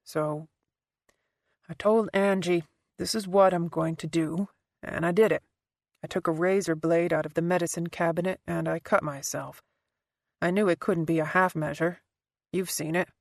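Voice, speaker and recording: A woman narrator lowers her voice to play a guarded, wounded man who speaks quietly and haltingly. The tone is dark and low, read close and dry with no room sound. It is an audiobook character voice. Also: steady tone, no echo. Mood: subdued. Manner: soft, halting, low-key delivery.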